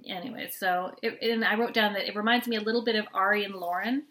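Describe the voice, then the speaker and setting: Bright, gossipy middle-aged woman. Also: medium pitch, steady tone, fast. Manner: chatty, gossipy, acts out quotes. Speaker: podcast co-host and mother. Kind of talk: casual reality-TV recap chat.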